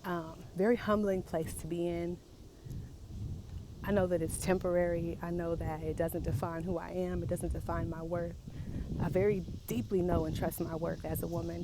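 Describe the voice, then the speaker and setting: A woman's voice: fairly low pitch, level tone, a little mellow, a little hiss or hum. Emotional woman in a raw confessional vlog. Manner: emotional, halting, repeats herself. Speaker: vlogger.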